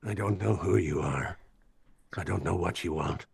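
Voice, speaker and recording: A man on a charity livestream doing a deep, gravelly, menacing movie-villain voice with a slow, threatening growl. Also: heavily acted. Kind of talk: casual chat.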